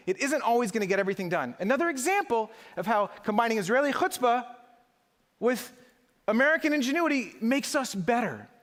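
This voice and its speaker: His voice is very high and a touch bright: a middle-aged conference speaker delivering a live, emphatic keynote that plays to the crowd. The large hall leaves an echo on the recording.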